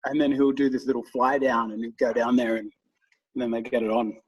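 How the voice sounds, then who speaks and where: A man's voice: mid-range voice, little pitch movement, fairly quick, slightly rough, far from the mic, low-quality recording. A man in his thirties, co-hosting a podcast, who rambles through casual stories and swears freely. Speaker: podcast co-host. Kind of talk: casual chat.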